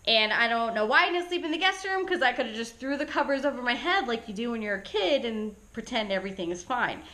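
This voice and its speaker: High, lively woman telling a storytime. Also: fast talker. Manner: chatty, animated, many "like" and "right?" tags. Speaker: pet sitter and vlogger. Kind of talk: casual storytime vlog.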